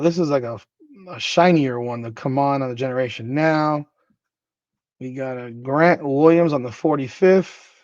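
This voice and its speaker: A man of middle pitch talks in a casual, offhand way, listing names in quick runs while opening cards. The sound is dry and slightly dull, with no room echo. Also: a little mellow. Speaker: card-breaking host. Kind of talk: casual card-opening commentary.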